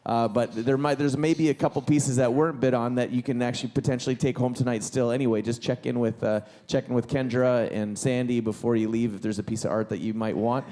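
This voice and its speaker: A man's voice: medium pitch, fairly even intonation, brisk, few pauses, mellow. A man emceeing a live concert and art auction, talking casually and rambling, with many restarts. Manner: rambling, self-interrupting, enthusiastic. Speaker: event host. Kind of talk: casual stage emcee talk. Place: live concert venue, on stage.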